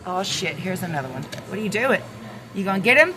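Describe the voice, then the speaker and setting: Filming her backyard chickens on a handheld phone camera, a vlogger chats casually and nervously, swearing under her breath and cooing at the birds. Her mid-range voice is sing-song, fairly quick, pushed and bright, with slight background noise and faint outdoor ambience behind it.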